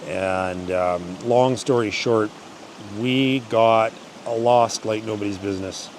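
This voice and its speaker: Slow and on the low side, with slight background noise, this man hosts his channel and tells hunting stories to camera. He rambles, restarts, and breaks into animated yelling when quoting.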